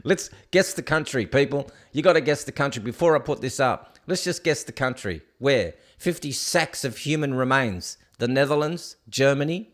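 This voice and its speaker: A man's voice: mid-range voice, expressive, moderate pace, hardly any pauses. A man hosting a solo commentary show, reading news items aloud and mocking them in a sarcastic, ranting way. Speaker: host.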